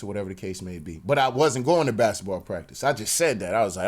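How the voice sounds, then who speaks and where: A man's voice: mid-range voice, lively intonation, fast talker. A man telling a personal story in a slang-heavy, profane rant, peppered with "you know what I'm saying". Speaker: commentary channel host.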